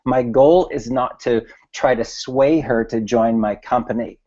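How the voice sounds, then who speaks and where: Casual male coach talking through a screen share, relaxed delivery, muffled home recording. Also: medium pitch, measured pace. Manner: casual, chatty, repeats "okay" and "right". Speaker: business coach. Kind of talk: screen-share tutorial talk.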